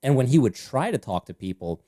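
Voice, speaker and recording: A man's voice: mid-range voice, very animated, a little fast, warm tone. A man co-hosting a podcast, telling stories in laid-back, joking casual chat. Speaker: podcast co-host.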